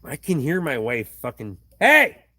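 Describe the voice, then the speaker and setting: Here the host's voice sits on the high side, gravelly and a touch bright, delivered a little slowly with plenty of expression in a dry recording. He runs a laid-back livestream from his home workshop via tripod camera, reading out viewer comments and cursing in an offhand, blunt way.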